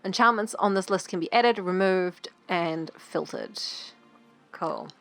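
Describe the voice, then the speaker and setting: A woman's voice: fairly low pitch, measured pace, creaky, faint music behind. A woman co-hosting a game let's play, reading tutorial text and adding dry quips. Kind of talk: casual gameplay chat.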